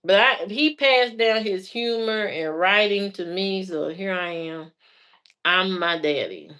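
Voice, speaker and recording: A woman's voice: mid-range voice, slow, pushed and bright, smooth. An adult woman telling stories in a casual, chatty way, laughing often as she goes. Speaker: vlogger. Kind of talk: casual storytelling.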